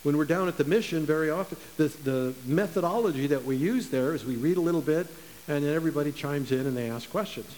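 Conversational preacher in an echoing hall. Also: male voice, fairly high pitch, quick pace, darkish tone. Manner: conversational, emphatic, with repeated phrases. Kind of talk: sermon. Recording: long reverb with faint hiss.

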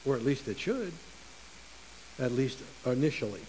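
A man preaching a sermon in an earnest way, slowing down to stress key words. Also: medium pitch, sing-song, darkish tone, rough recording. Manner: earnest, with slow emphatic stresses. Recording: faint hiss.

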